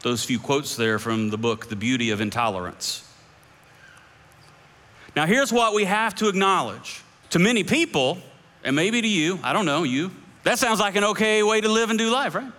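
Bright-voiced man preaching in an echoing hall. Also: expressive, normal speed. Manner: conversational preaching that climbs high when voicing others' views. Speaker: pastor. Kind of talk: sermon. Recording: long echoing hall reverb.

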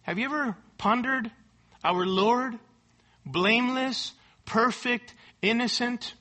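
A man's voice: extremely high pitch, slow pace, pushed and bright. A male pastor preaching a sermon, emphatic and rhetorical, repeating key words and asking the room for agreement.

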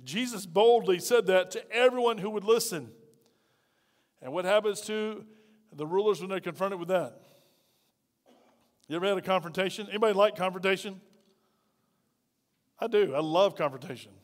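A man preaching a sermon from a lapel mic, talking conversationally and acting out the quotes he reads, swinging between loud bursts and quiet asides. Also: sits high, normal speed, long pauses, in a large hall. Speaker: pastor. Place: church hall.

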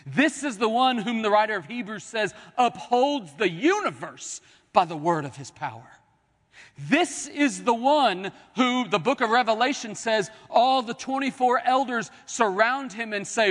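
A man delivers a sermon, his voice sitting high for a man. He stretches key words slowly, sinks almost to a whisper, then rises into loud declarations. The sound carries a long reverb from a church sanctuary. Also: lively intonation. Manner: dramatic preaching, swelling and dropping to near-whispers. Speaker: pastor.

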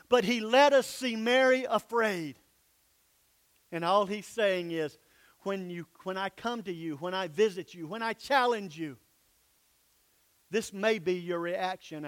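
A pastor preaching a sermon in a church, emphatic, sometimes dropping to soft, low asides. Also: male voice, a little slow.

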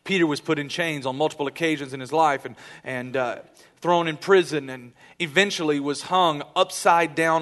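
A man in his thirties preaching a sermon, telling stories in an animated way and building to emphatic, loud bursts. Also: medium pitch. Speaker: pastor.

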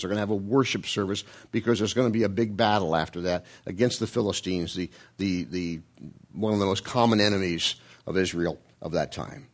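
Animated preacher man, big pitch swings. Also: brisk. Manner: repeats and restarts words. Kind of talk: conversational Bible teaching.

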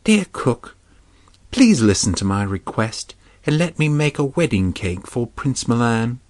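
A man voicing a sorrowful, gentle young princess in a storybook reading, with a raised, softened voice. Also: mid-range voice, very animated, unhurried. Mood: pleading.

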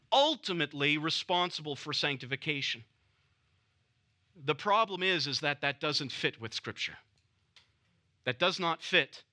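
A man delivers a sermon at an unhurried, deliberate pace, leaning on repetition to drive each point home. His voice sits high and sounds very bright. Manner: measured, emphatic, repeats key phrases. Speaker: preacher. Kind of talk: expository sermon.

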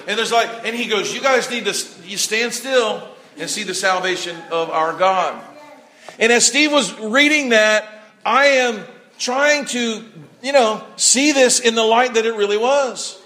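A man preaching a sermon, telling a story with animated delivery, acting out people's words and rising to shouts at key points. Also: high-pitched, a little slow.

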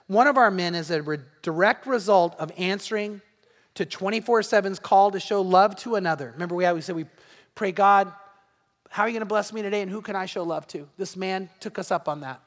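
A pastor preaching with real fervor, his voice sitting high for a man. He leans into emphatic points and throws rhetorical questions out to the congregation. The sound rings with the long reverb of a large church hall. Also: fairly bright tone. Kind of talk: sermon.

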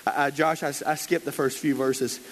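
A man's voice: mid-range voice, steady tone, moderate pace, a little hiss or hum, low-quality recording. A man preaching a conversational sermon, telling stories in a chatty, playful way with lots of fillers and acted-out quotes.

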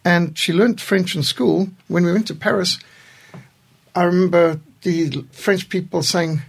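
Man, 60s, studio guest. Husky, gravelly storyteller with a warm chuckle. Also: sits high, steady tone, unhurried. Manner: storytelling, chuckles through anecdotes. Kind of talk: reflective studio conversation.

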